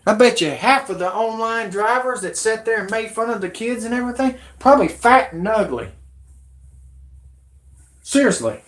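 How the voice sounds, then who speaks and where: A man in his thirties hosting a live stream, rambling and growing agitated, with shouty outbursts. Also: high voice, animated, moderate pace.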